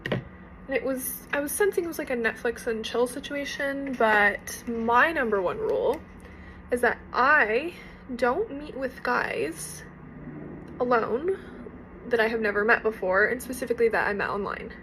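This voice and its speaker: A woman's voice: a little high, animated, a little slow, fairly bright tone, slight background noise, low-quality recording. A young woman chatting casually through a get-ready-with-me storytime. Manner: chatty, casual, lots of fillers.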